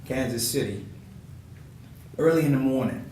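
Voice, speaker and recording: A man's voice: medium pitch, moderate pace. A comedian in his forties tells stories on a panel, slipping into the voices of the people he quotes. His voice sounds a bit far from the mic, in a roomy, echoing hall. Background noise runs under it. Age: 40s. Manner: animated storyteller who acts out quoted voices with laughter. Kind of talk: storytelling panel talk.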